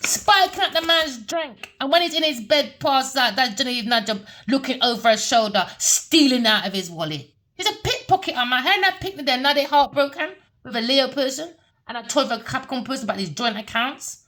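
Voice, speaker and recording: A woman's voice: high voice, lively intonation, a little fast, a bit bright. A woman giving a heated, repetitive tarot reading rant, cursing and scolding. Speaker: tarot reader.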